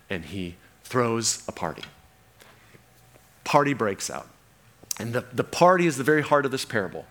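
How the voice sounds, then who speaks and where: A man preaching with lively storytelling energy, his voice in an ordinary middle register. He dramatizes each scene and leans into the characters as he goes. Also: mid-range voice, normal speed, long pauses. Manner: animated storytelling, acts out the characters. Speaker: pastor. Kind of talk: sermon.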